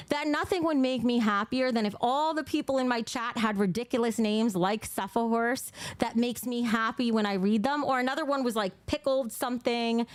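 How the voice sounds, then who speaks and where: Her voice sits a little high with a clean tone and no echo as this New Jersey-accented woman runs a casual livestream. She can be blunt and profane, and she gushes whenever viewers donate.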